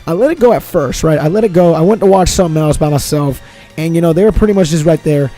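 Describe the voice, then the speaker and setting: A young man tells a rambling personal story in casual, profane slang, circling back over the same points again and again. His voice sits high yet has a dark, mellow tone. Faint music plays quietly underneath. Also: fast. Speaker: vlogger.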